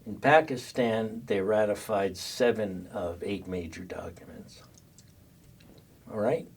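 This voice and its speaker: An older man lectures to a class in a loose, conversational way, often stopping and restarting. His voice is deep and a bit husky. He sounds set back from the microphone. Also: takes it slowly, far from the mic. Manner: conversational, many fillers and restarts. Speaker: social work professor lecturing.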